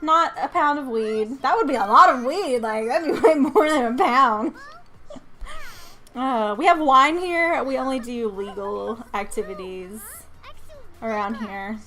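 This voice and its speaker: A woman's voice: a little high, unhurried, bright, forceful tone. A woman from North Georgia with a Southern accent, chatting casually and giggling often while live-streaming a game. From North Georgia, USA.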